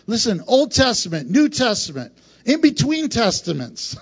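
A man with a high voice preaching a sermon, pressing points hard and then dropping to a hushed tone. The recording sounds dull and lo-fi. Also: very animated, normal speed, slightly rough. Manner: preaching with emphatic swings between loud and hushed. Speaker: pastor.

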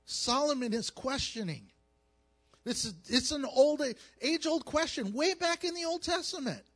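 Give me a high-pitched male pastor delivering a humorous, animated sermon. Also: a little slow. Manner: animated, jokey storytelling with acted asides.

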